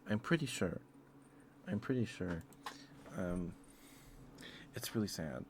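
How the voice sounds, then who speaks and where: A man rambling in a soft-spoken ASMR style, hesitant and full of fillers, tender and easily moved. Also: sits low, expressive, slow, long pauses, a little hiss or hum. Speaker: ASMR streamer.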